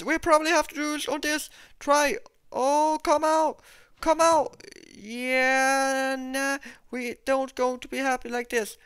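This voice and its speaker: Excitable gameplay commentator, dry close sound. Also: sits high, slow, no room sound. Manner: excitable, repeats exclamations, talks to viewers. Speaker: gameplay video host.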